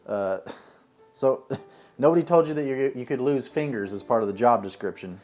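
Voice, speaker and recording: A man's voice: medium pitch, animated, moderate pace, a little mellow, soft background music. A man hosting an interview, asking his guest questions in an easygoing way.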